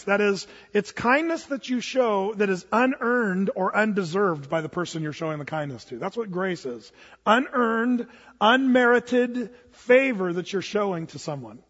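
Man, pastor, sermon, storytelling, husky, long hall echo. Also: high-pitched, highs cut off. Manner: storytelling, animated, many restarts and fillers.

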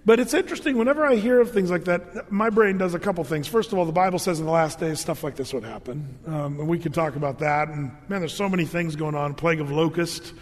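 Preacher, male, high voice, chatty storytelling sermon in a reverberant hall. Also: fast talker, hardly any pauses. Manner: storytelling, animated with jokes and asides. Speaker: pastor.

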